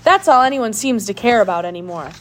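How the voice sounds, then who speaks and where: A woman's voice: medium pitch, animated, fast talker, a little hiss or hum, close to an everyday voice. A woman doing a fussy, chattering housewife. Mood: chatty.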